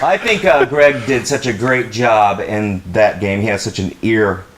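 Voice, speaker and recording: A man's voice: fairly low pitch, measured pace. A man hosting a live comedy game show, upbeat and joking. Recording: loud live audience and noise. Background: loud audience laughter and noise.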